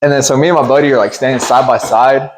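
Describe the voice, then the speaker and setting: A young man co-hosting a podcast, telling a school memory in animated, joking casual chat. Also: medium pitch, quick pace, slight background noise, low-quality recording. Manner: animated, joking storytelling with laughs. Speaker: podcast co-host.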